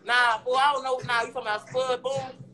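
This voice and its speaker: A man in his twenties, a rapper guest telling stories in a casual interview, animated and boastful, full of profane street slang. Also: extremely high pitch, fairly quick, soft background music.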